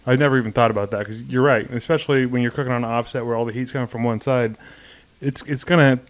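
A man's voice: medium pitch, fairly even intonation, fast talker, no room sound. A man hosting a podcast casually, agreeing and asking follow-up questions. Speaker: podcast host. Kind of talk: casual chat.

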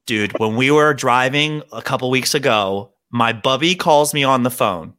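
A young man from the Baltimore area hosting a podcast, chatting casually and telling animated stories about his family. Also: medium pitch, normal speed. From Baltimore area, USA. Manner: animated storyteller who mimics relatives. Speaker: podcast host. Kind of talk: casual comedic chat.

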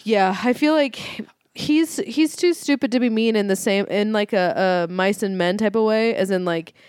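Podcast co-host, deadpan, swears, mid-pitched voice, dry close sound. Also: moderate pace, smooth, no room sound. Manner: deadpan, profane, goes along with jokes. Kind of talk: casual comedic chat.

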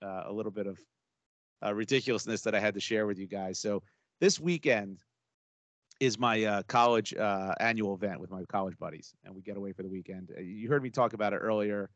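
A man's voice: lowish voice, brisk, a bit bright, dry recording. A middle-aged man co-hosting a podcast, telling a story in casual banter with lots of fillers and restarts. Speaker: podcast co-host. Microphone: close podcast mic.

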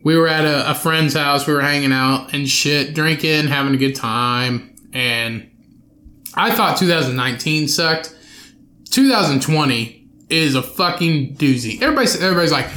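A young man rants alone into his podcast mic, swearing freely and breaking off his own sentences. His voice is bright and a little high, with an edge to it. The room around him rings with echo. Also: moderate pace. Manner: profane, rambling, self-interrupting. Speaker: podcast host. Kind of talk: solo podcast rant. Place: bedroom home studio with his dog.

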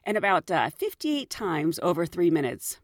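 Casting: middle-aged woman podcast host, animated, laughs a lot, very lively up and down, dry close mic. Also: on the low side, normal speed, no echo. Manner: chatty, laughs often, animated. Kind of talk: storytelling podcast.

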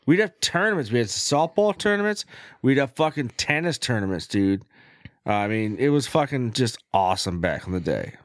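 A man's voice: mid-range voice, very animated, normal speed, no echo, clean studio sound. A middle-aged man in casual chat, reminiscing and swearing, laughing often. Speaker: chat partner.

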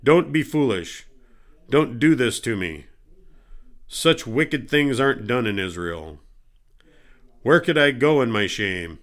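A man voicing a desperate young woman, a king's daughter, reading her pleas louder and more urgently than his narration. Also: medium pitch, expressive, slow pace, pauses often. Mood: pleading.

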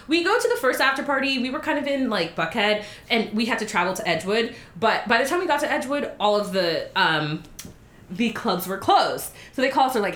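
A woman telling a story in casual chat, animated and giggly, acting out the dialogue. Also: fairly high pitch, a little fast, echoey room.

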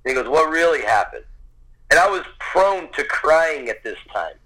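A man recounts a childhood story in an earnest, conversational way, voicing the people he quotes as he goes. His voice is bright and forceful. The sound is thin, like a phone line or radio broadcast. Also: fairly high pitch, big pitch swings, normal speed, slightly rough. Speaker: storyteller guest. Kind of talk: personal anecdote, casual storytelling.

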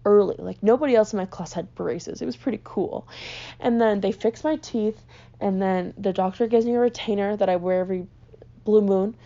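Exasperated young woman ranting, gravelly. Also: mid-range voice. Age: young adult. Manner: exasperated, swearing, animated. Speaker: podcast host. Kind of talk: casual comedic rant. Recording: dull lo-fi recording.

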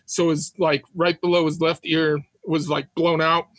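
A man telling war stories as a podcast guest, animated, laughing often and acting out quotes. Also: on the high side, moderate pace, no room sound. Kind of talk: casual storytelling.

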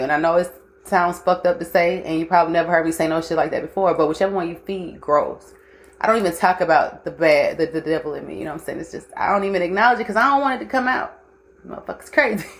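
A young woman hosting a casual livestream, blunt and profane, mixing life lessons with frequent laughter. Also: on the low side. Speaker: host.

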